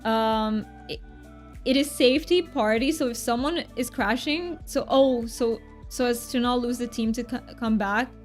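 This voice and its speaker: A woman's voice: on the high side, faint music behind. A woman streaming a game, chatting casually with her party and gushing with delight. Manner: chatty, excitable, quick gasps of delight. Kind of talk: casual live-stream chat while gaming.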